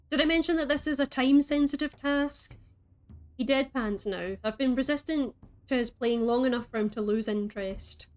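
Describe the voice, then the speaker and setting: A woman's voice: a little high, normal speed, faint music behind. A woman reading a story game aloud as a streamer, breaking in with playful, chatty asides.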